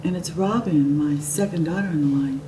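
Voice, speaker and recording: A woman's voice: sits low, normal speed. A middle-aged woman telling a personal story vividly, acting out what people said. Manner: vivid storyteller who acts out the quotes. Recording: roomy, distant and noisy.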